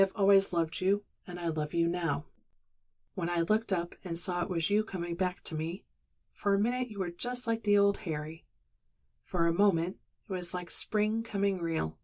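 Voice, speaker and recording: A woman reading the lines of a weary, regretful young working-class woman in an audiobook, in a quiet, resigned and wistful manner. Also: fairly low pitch, close to an everyday voice.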